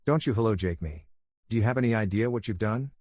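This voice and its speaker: A man's voice: lowish voice, lively intonation, quick pace, darkish tone, no room sound. A man voicing a distraught young husband who pleads and accuses over the phone. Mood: angry. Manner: pleading, raised.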